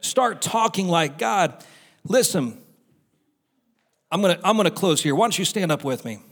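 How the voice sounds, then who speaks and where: A man preaching a sermon as pastor, animated and acting out the quotes he tells. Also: sits high, normal speed. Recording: roomy hall with music behind.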